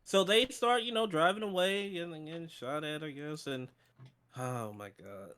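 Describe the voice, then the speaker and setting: A man co-hosting a streamed book discussion, talking in a casual, sarcastic, animated way and swearing freely. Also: a little high, moderate pace, clean tone. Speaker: book club podcast co-host. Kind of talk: casual chat. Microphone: streaming setup.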